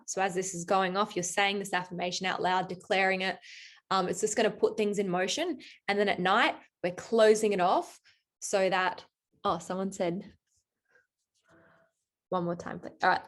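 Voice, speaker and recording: Brief: young woman, team coach on a video call, chatty motivational energy, mid-pitched voice. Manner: upbeat, chatty, motivational, reads affirmations aloud. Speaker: team coach leading a recruiting session. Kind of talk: live online coaching session.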